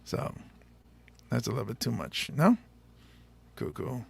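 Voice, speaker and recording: A man's voice: mid-range voice, very animated, measured pace, creaky, darkish tone, slightly rough. A male stand-up comedian chatting casually with his audience, rambling and joking and laughing often. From Samoa. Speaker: stand-up comedian hosting a show.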